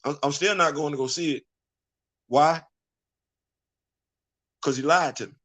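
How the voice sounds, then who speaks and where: A male vlogger holds forth in a casual, preachy register, circling back on his points and firing off rhetorical questions. His voice sits a touch higher than most men's. He leans hard on repetition to drive each point home. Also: a little slow, fairly bright tone. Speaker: vlog host. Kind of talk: casual opinion commentary.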